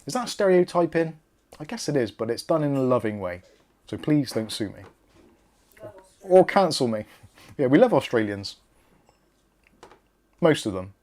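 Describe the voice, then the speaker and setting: A man's voice: mid-range voice, big pitch swings, moderate pace, pauses often, a little mellow. A man with a Bristolian accent hosting a casual live stream. He chats, jokes and reads viewer comments aloud. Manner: chatty, jokey, self-deprecating asides.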